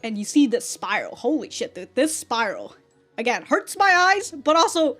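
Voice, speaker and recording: Brief: anime reaction host, woman, high-ish voice, excitable, laughs and swears a lot, soft music under her. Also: moderate pace. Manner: excitable, profane, laughs often. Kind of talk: casual reaction commentary.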